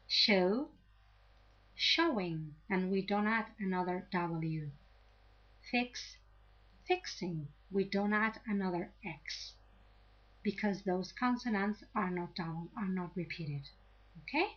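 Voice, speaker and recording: A woman gives an English grammar lesson at an unhurried, deliberate pace. She is patient and keeps checking in with her listeners by asking "okay?". The recording is slightly dull and lo-fi. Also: medium pitch, a bit bright. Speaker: English teacher.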